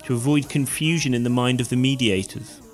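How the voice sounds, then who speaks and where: A man co-hosting a casual podcast, animated and reading facts aloud with hesitant restarts. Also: mid-range voice, brisk. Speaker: podcast co-host.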